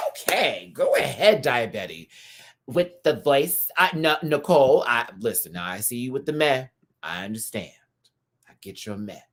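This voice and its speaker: A man hosting a casual live review stream, campy and animated, chatting asides to his viewers. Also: medium pitch. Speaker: YouTube host reviewing a TV show.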